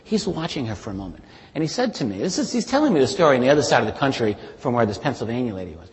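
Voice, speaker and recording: A man giving a public talk, earnestly retelling witness stories and building suspense, his voice often trailing softer at the end of a point. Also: mid-range voice, big pitch swings, very fast. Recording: long reverb of a large hall.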